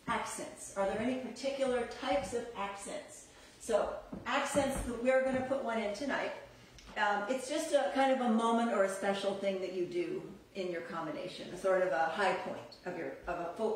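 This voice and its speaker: A woman's voice: medium pitch, normal speed, heavy reverb, distant mic, slight background noise, poor audio. A woman teaching a belly dance class, chatty and upbeat, laughing often. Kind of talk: live online dance class.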